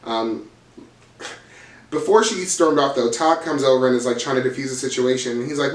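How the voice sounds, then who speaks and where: A man chatting through a reality TV recap, gossipy and blunt with plenty of swearing, his voice sitting at an ordinary middle pitch. He sounds a little away from the mic in a roomy space that echoes. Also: moderate pace, recorded from a distance. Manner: gossipy, profane, dramatic retelling. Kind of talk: casual recap vlog.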